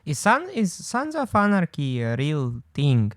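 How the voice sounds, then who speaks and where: A man's voice: a little high, huge pitch swings, measured pace, no room sound, studio quality. A man co-hosting a podcast in casual chat, curious and asking questions. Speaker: podcast co-host.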